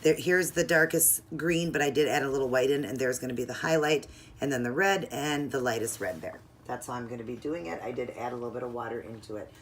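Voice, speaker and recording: A woman's voice: very deep voice, quick pace, a little hiss or hum. A woman narrating a casual, step-by-step nail art tutorial at home in a chatty, instructive way.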